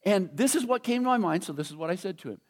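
A middle-aged pastor with a notably high voice delivers a folksy, storytelling sermon. He chuckles between lines and slows right down to hammer home each point. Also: lively intonation. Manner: conversational storytelling preacher, chuckles often, slows down to stress points.

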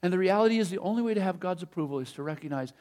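A man's voice: sits high, expressive, rapid-fire, a little mellow. A middle-aged man preaching a sermon in a conversational, emphatic way, repeating his key phrases. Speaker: pastor.

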